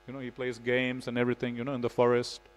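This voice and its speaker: A man's voice: medium pitch, monotone, fast, rough recording. A man giving a devotional scripture class in a temple, telling stories in a casual way with frequent "you know". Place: temple hall.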